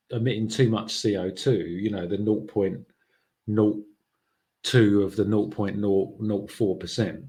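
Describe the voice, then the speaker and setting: Slow, low-voiced man musing on a podcast. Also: a little mellow. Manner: musing, with many fillers and restarts. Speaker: podcast host. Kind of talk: casual monologue.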